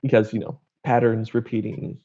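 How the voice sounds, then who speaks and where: A man's voice: fairly low pitch, little pitch movement, normal speed, warm tone. A young adult man candidly telling his personal story in an interview, wry and blunt, acting out what his family said. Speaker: guest sharing his story. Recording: dull lo-fi audio.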